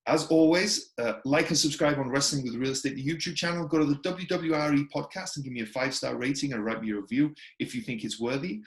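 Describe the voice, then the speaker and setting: A man's voice: mid-range voice, quick pace, few pauses. A middle-aged man hosting a podcast, chatting casually and enthusiastically, often repeating his praise. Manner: enthusiastic, repeats "that's awesome". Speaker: podcast host. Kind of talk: casual interview chat.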